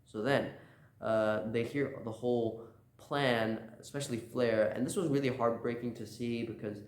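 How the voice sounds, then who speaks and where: A man's voice: mid-range voice, steady tone, normal speed. Casual rambling man in a roomy echo. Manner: rambling, lots of "uh" and "like", slips into quoted lines. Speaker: YouTuber recapping a manga chapter. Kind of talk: casual spoken recap.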